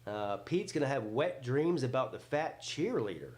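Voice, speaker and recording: A man's voice: mid-range voice, animated, normal speed, roomy sound. A man hosting a live football reaction stream. He jokes, swears freely and answers his chat. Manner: loud, joking, swears freely, talks back to chat. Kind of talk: casual live reaction commentary.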